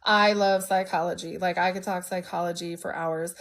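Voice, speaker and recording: A woman's voice: lowish voice, fairly even intonation, normal speed, a bit bright. A woman in her thirties tells her own story on a live stream, frank and heartfelt. Her voice sounds a little stuffy from allergies, and she speaks plainly and directly, with no sugarcoating. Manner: open and emotional, speaks bluntly. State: congested from allergies. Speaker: livestream host. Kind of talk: candid personal storytelling.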